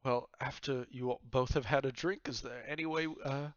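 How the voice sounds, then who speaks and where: A man's voice: medium pitch, steady tone, normal speed, no room sound, dull audio, pitched above the performer's own voice, natural voice. A man voicing a female witch who bargains hesitantly in a tabletop role-playing game. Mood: pleading.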